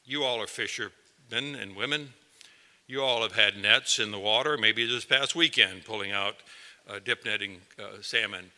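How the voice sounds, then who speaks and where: A man's voice: fairly low pitch, normal speed, bright, forceful tone. A male pastor giving a sermon, talking conversationally and addressing his listeners directly. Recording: long hall reverb.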